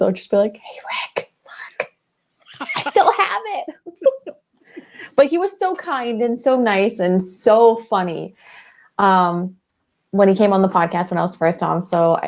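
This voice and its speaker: A woman's voice: mid-range voice, darkish tone. Chatty woman co-host, dull lo-fi sound. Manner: chatty, giggly, quick asides. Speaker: podcast co-host. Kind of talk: casual sports podcast chat. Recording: dull lo-fi audio.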